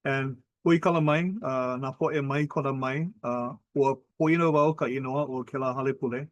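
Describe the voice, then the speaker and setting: A middle-aged man with a Hawaiian accent, telling a traditional ghost story in lively spoken style, mixing in Hawaiian words and acting out voices. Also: medium pitch, normal speed, dry recording, highs cut off. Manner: animated, acts out quoted voices, mixes in Hawaiian words. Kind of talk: oral storytelling.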